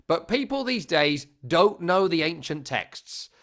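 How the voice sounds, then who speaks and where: A man over thirty-five co-hosting a casual football podcast, telling jokey, animated stories. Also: on the high side, a little slow. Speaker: podcast co-host.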